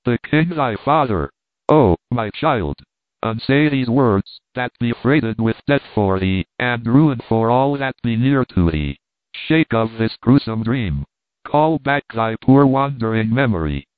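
A man's voice: medium pitch, expressive, measured pace, no echo, natural voice. A man voicing a distraught poor mother who implores and pleads, with a tinny phone-like sound. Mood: pleading.

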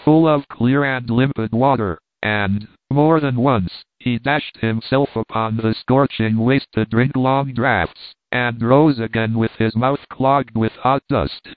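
A man narrating an adventure storybook in a steady, measured reading. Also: medium pitch, dry recording. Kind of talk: audiobook narration. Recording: tinny, phone-like and dry.

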